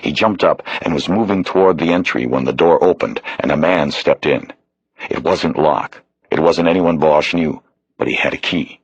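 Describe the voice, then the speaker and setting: Male audiobook narrator, steady, very low and husky, dry booth. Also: normal speed, no room sound, highs cut off. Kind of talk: scripted narration.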